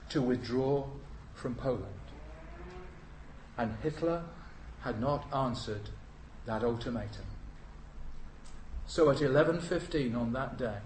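British male preacher, slow and deliberate, solemn emphasis, roomy hall with faint hiss. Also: mid-range voice, darkish tone. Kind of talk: sermon.

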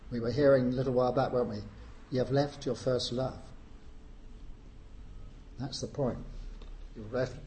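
A man preaching a sermon, unhurried, with frequent pauses and rising emphasis on key phrases. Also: mid-range voice, steady tone, warm tone, a little hiss or hum.

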